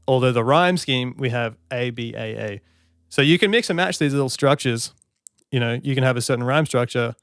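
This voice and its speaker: A man's voice: medium pitch, dry recording, clean studio sound. A man giving music analysis commentary as a songwriter, stopping to sing lines and count beats to show his points. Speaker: songwriter reacting to an album.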